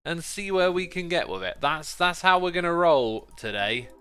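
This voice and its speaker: Bright, lively man hosting a game stream. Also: a little high, moderate pace, clear, resonant tone. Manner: chatty, playful, easily sidetracked. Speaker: livestream host. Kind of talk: casual gameplay livestream commentary.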